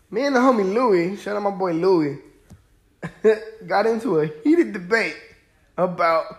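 A man's voice: sits high, gravelly. A young man hosting a podcast, chatting casually about sports in a laid-back, rambling way with lots of fillers. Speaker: podcast host.

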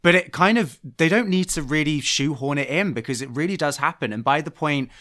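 A podcast co-host chatting casually, quick with reactions and side comments. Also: mid-range voice, expressive, a bit bright. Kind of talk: casual chat.

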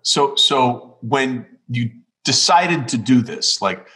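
A man's voice: mid-range voice, expressive, slow, bright, forceful tone. A man interviewing a comedian in casual chat, often repeating his first words as he starts a question.

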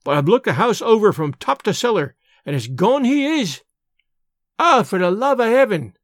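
A man voicing a hysterical, stout landlady, wailing loudly in a high brogue. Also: big pitch swings, normal speed, dry recording, clean studio sound. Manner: shrill wailing, loud.

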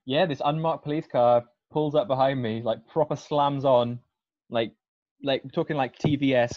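A man's voice: medium pitch, fairly even intonation, normal speed, no echo. Young man, laid-back chatty storyteller, dry close sound, dull lo-fi tone. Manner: laid-back storytelling with frequent fillers and swearing. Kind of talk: casual chat.

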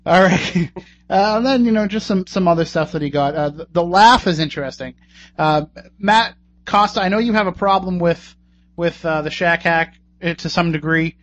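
A man's voice: high-pitched, moderate pace, fairly bright tone. A man hosting a radio talk show in a casual, joking, conversational way. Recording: dull lo-fi radio recording.

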